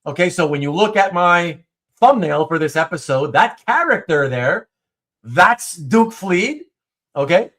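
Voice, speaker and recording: A man hosting a casual livestream chat, reading viewer comments aloud, with animated speech and stumbling restarts. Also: high voice, a little slow. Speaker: host.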